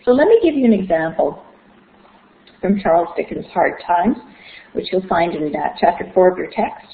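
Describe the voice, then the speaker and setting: A woman's voice: lowish voice, animated, moderate pace, a little hiss or hum. Woman lecturing, thin echoey recording. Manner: explanatory, with rhetorical questions and fillers. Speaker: literature lecturer. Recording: echoey, phone-like thin sound.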